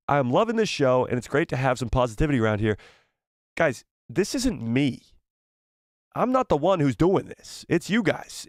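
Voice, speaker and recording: A man's voice: mid-range voice, dry recording. A young man talks to his live chat with playful energy, teasing viewers and tripping over the messages he reads out. His voice sits in a middle register. The sound is dry and close, with no room around it. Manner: animated and playful, teasing the chat, stumbles when reading aloud. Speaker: live stream host reading viewer donations. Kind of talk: casual live stream chat.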